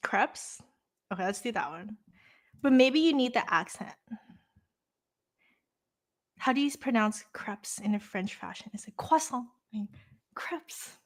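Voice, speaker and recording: A woman's voice: mid-range voice, lively intonation. A young woman hosting a casual livestream lesson, reading course text aloud and chatting playfully with her viewers. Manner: playful, chatty, quick asides to chat. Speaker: host leading a live course walkthrough.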